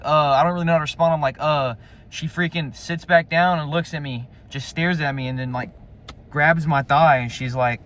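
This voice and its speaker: A man's voice: on the high side, a little fast, fairly bright tone. A man telling a personal story in a casual, rambling way, full of slang fillers and swearing.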